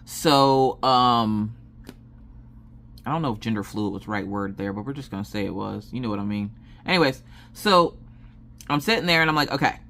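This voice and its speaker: A woman's voice: a bass voice, animated, normal speed, pauses often, fairly bright tone. Rambling, chatty woman telling a story. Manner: rambling storyteller with many fillers. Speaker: craft vlogger. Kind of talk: casual chat while crafting.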